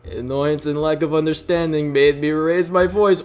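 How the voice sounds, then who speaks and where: A man's voice: on the high side, steady tone, normal speed, smooth. A young man reading a visual novel aloud as host, with jokey, laughing asides between lines. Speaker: let's play host.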